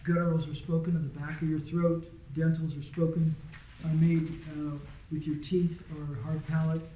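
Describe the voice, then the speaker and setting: A man's voice: a little high, little pitch movement, moderate pace, dark tone. A man teaching a small Greek class in a casual, patient way, often checking that his students follow. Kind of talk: informal classroom lesson. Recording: echoey room.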